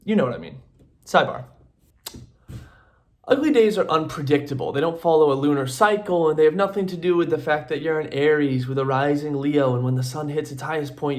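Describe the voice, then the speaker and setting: A man's voice: mid-range voice, a little mellow. A man hosting a comedy show, delivering a sarcastic, rambling monologue and acting out both sides of imagined conversations. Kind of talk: comic monologue to camera.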